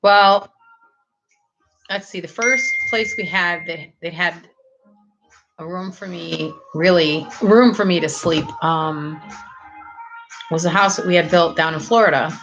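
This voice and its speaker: Middle-aged woman, low-pitched, casual live-chat host, rambling and giggly, faint music underneath. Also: a little slow, pauses often, a bit bright, highs cut off. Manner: chatty, rambling, laughs often. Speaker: livestream host.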